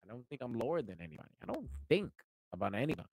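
A man hosting a podcast, talking casually in an animated, profane, rambling way with many fillers. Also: medium pitch, very fast, no echo, low-quality recording. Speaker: podcast host.

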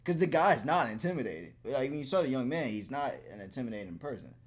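A man's voice: medium pitch, sing-song, quick pace. A man in casual podcast chat who laughs often and acts out quoted dialogue, with hesitant restarts.

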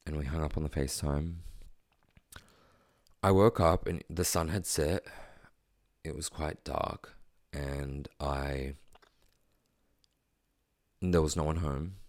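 A man telling a personal story in a quiet, halting, reflective way, with many pauses and fillers. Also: extremely low pitch, steady tone, dry recording, studio quality.

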